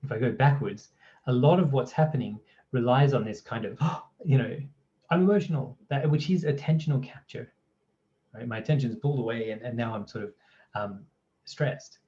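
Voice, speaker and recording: Relaxed Australian man explaining. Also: mid-range voice, normal speed, highs cut off. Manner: conversational, frequent "right?" and "you know". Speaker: presenter of a training course. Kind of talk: explanatory talk to camera.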